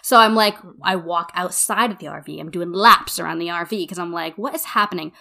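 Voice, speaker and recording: Bright-voiced young woman telling a story. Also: lowish voice, fairly quick, creaky. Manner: animated storyteller, acts out quotes, says "like" a lot. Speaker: podcast co-host. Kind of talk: casual chat.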